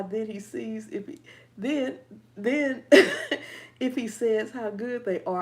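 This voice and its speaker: Animated, laughing woman gardening host. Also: a little high, unhurried. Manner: laughs often, animated and playful. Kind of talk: casual live chat reading viewer comments.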